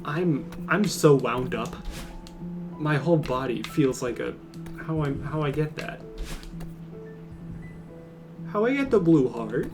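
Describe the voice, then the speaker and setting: A man's voice: medium pitch, big pitch swings, slow, long pauses. A goofy young man streaming gameplay commentary, sarcastic, swearing and laughing often. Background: game music.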